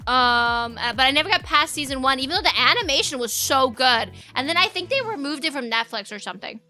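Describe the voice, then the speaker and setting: On a live stream, a young adult woman with a high, bright voice chats casually and a little fast, with faint music behind her. She rambles easily from thought to thought and answers viewers in a relaxed way, reacting to chat with squeals and laughs.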